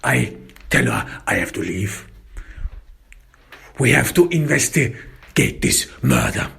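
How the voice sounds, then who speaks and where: A man narrating a first-person detective story, slow, halting and reflective. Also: mid-range voice, lively intonation, gravelly, pushed and bright, husky.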